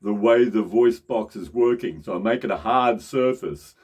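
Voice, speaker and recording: A man's voice: lowish voice, normal speed, darkish tone, breathy edge. A middle-aged man giving a casual voice lesson, often restarting and repeating phrases as he speaks. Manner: shifts into demonstration voices. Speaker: voice teacher.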